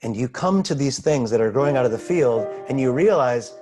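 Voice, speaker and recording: A man guiding a slow, pausing meditation over a video call, asking gentle questions. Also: medium pitch, expressive, soft background music. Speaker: spiritual teacher. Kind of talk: guided meditation.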